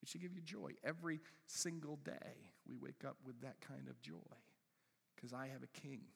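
Male pastor, heartfelt sermon delivery with a bright voice in a church sanctuary with a long echo. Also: mid-range voice, steady tone, vocal fry, breathy edge. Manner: emotional, earnest preaching with quick asides. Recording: hall reverb.

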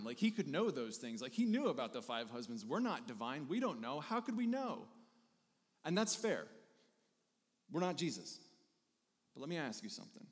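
A pastor delivering a conversational sermon, animated and repeating phrases for emphasis. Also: male voice, mid-range voice. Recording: hall reverb.

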